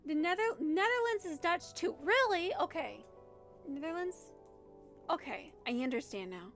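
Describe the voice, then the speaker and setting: A young woman with a Midwestern accent chats with her stream in a high, bright voice. She rambles and giggles between thoughts, answering comments as they come in, with faint music playing underneath. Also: very animated, normal speed. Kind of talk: casual livestream chat.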